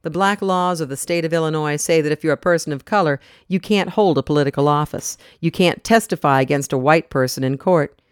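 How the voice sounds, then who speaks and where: The reader voicing Mary, a composed wife who answers calmly and politely. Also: medium pitch, fairly quick, clear, resonant tone, no echo, studio quality, lightly acted. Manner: calm and polite.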